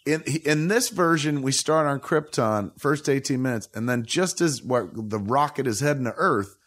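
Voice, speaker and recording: A man's voice: mid-range voice, moderate pace. A man hosting a podcast, telling stories in a casual, profane, joking way. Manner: profane, joking, animated storytelling. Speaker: podcast host.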